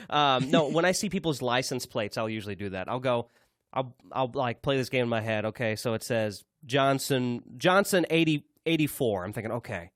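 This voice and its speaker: Here a male podcast co-host talks at medium pitch and a moderate pace, his intonation lively. His casual chatter wanders, packed with fillers and false starts, captured dry at studio quality.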